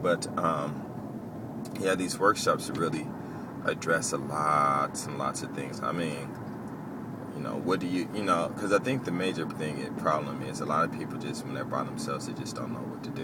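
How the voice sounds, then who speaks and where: Very deep-voiced man rambling in a car. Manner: rambling, loose, heavy on "you know" fillers. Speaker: vlogger. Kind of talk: casual rambling monologue while driving. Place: inside a moving car. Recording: loud road and engine noise. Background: car and traffic noise.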